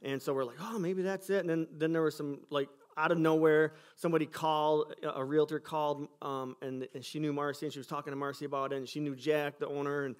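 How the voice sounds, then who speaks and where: A man's voice: a little high, fairly even intonation, fast, hardly any pauses, clear, resonant tone. A man from Michigan, a pastor giving a sermon testimony in a school cafeteria, telling his church's story earnestly and acting out conversations.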